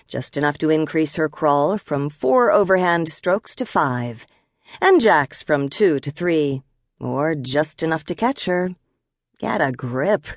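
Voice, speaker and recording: Woman, low voice, expressive audiobook narration, close studio mic, dry booth. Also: dry recording. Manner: measured, expressive storytelling.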